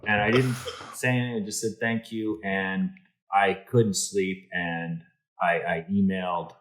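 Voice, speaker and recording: A man from Canada, a guest in an interview, telling a story with lively acted-out dialogue and many restarts. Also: deep voice, a little slow, a little hiss or hum, rough recording. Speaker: interview guest, insurance executive.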